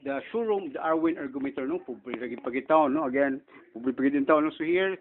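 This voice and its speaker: A man's voice: mid-range voice, fairly quick. A man with a Filipino accent talking casually through a screen walkthrough, rambling and tagging his sentences with little questions. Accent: Filipino (Cebuano). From Philippines. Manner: rambling, frequent tag questions. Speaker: channel owner and inventor. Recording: tinny phone-like audio, faint hiss.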